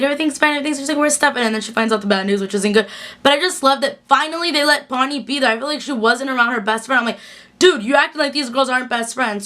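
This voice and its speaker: A young woman gushing through a casual episode recap in a chatty, excitable way, full of "like". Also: a little high. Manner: gushing, chatty, fast bursts with fillers like "like". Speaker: TV recap vlogger.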